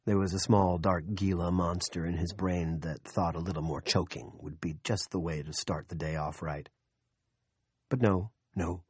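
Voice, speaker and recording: A man reading an audiobook in steady, wry narration. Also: sits low, normal speed, breathy edge, no echo, clean studio sound. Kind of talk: scripted narration.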